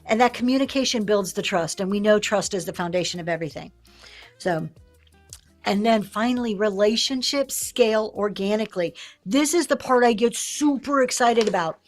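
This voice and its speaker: A woman hosting a livestream, teaching sellers in a lively way and acting out the lines she quotes. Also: mid-range voice, moderate pace, faint music behind. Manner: lively, acts out quoted sales talk. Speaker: live-selling host.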